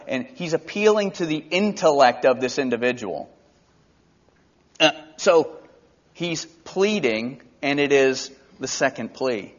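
A man's voice: medium pitch, expressive, measured pace, muffled recording. A man preaching an expository Bible teaching in a conversational way, briefly acting out the characters' lines.

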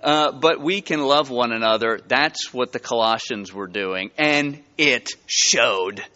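A man preaching a sermon to his church, telling stories with lively, rising emphasis. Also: mid-range voice, normal speed, long reverb tail, lo-fi sound. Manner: animated storytelling with rising emphasis. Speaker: pastor. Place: church sanctuary.

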